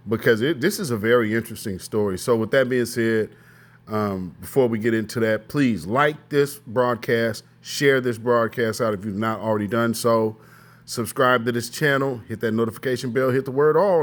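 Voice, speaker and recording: A man hosting his own online news commentary show, talking loosely with fillers and repeated set phrases. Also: medium pitch.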